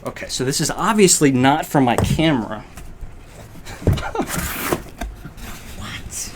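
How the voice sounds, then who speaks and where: A man's voice: medium pitch, sing-song. Rambling male live-streamer with faint noise. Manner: rambling, halting, emotional, many fillers. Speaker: candle channel host. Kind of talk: live-stream unboxing chat.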